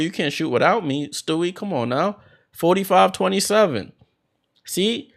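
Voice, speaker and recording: A man hosting a basketball watchalong, calling the plays as an excited fan with sudden bursts of hype. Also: a little high. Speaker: watchalong host doing play-by-play. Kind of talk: fan play-by-play commentary.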